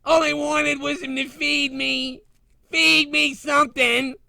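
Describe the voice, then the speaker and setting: A high gravelly sobbing cat. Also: male voice, flat delivery, slow pace, bright, forceful tone, no room sound, heavily acted. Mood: whiny. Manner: wailing, sobbing, meowing between complaints. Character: abused male house cat, whiny and wounded. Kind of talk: comedy podcast bit.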